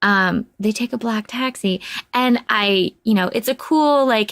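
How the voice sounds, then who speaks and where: A woman giving a casual spoken movie review, rambling and chatty with many fillers, animated as she retells scenes. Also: fairly high pitch, measured pace, dry recording, clean studio sound.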